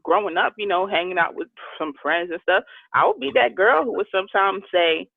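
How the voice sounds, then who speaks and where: A woman's voice: mid-range voice, fairly quick, gravelly, no echo. A woman guest telling a personal story in a candid, heartfelt way over a call. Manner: heartfelt, emotional. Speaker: guest author. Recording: tinny phone line.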